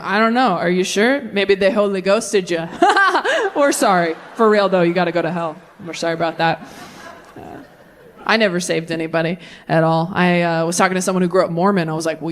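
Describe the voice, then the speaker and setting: A young woman performing stand-up comedy on stage, wry and animated, jumping to high squeaks for emphasis. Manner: wry, animated delivery with sudden high-pitched bursts. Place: comedy stage before a live audience.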